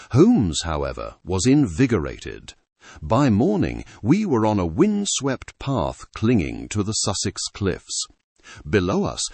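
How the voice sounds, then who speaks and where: A man narrating a scripted story in a measured, literary way. His voice is low and husky, with a very lively, swooping pitch, and the recording is dry and close to the mic. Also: no echo.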